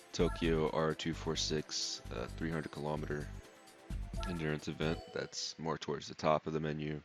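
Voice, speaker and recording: Groggy deep-voiced man rambling. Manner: rambling, many fillers like "like" and "um". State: groggy, just woken up. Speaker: let's play host. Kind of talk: casual gameplay voice-over. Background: loud game music and engine sounds.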